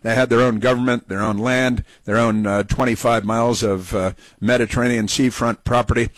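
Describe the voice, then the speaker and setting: A man's voice: mid-range voice, fairly even intonation, fairly quick, no room sound, poor audio. A middle-aged man hosting a talk radio show, delivering opinionated commentary with scornful, sarcastic asides.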